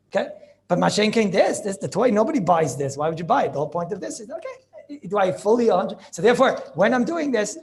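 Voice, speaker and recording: A man giving an informal Torah class as a rabbi, animated and repetitive, mixing in Yiddish and Hebrew terms. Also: high-pitched, creaky. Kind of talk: informal Talmudic lecture.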